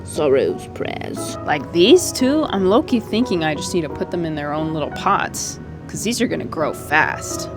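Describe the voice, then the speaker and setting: A woman's voice: sits low, expressive, moderate pace, hardly any pauses. A woman chatting casually in her own gardening vlog, giggly and easily moved, laughing often. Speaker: gardening vlogger. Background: music.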